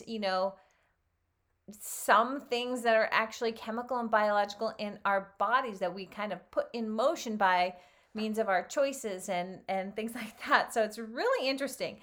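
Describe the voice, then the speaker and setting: A health coach reading a children's story aloud and then commenting on it in an animated way, with frequent laughs. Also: female voice, fairly high pitch.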